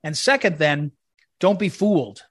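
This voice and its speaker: A man's voice: on the high side, expressive, unhurried, a bit bright, slightly rough, dry recording, studio quality. A man hosting a commentary segment, telling rambling, anecdotal stories in a eulogy style. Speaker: commentary host.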